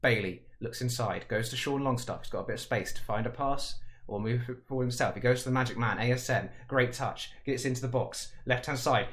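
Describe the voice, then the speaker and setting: A man commenting on a football video game, chatty and jokey, building to excited shouts at goals, his voice cracking. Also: medium pitch, brisk.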